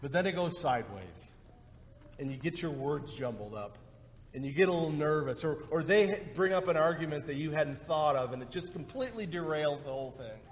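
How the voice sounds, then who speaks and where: A male pastor preaching a sermon in a conversational way, with lively bursts when he acts out quotes. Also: on the high side, fairly quick. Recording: dull lo-fi sound with long hall reverb.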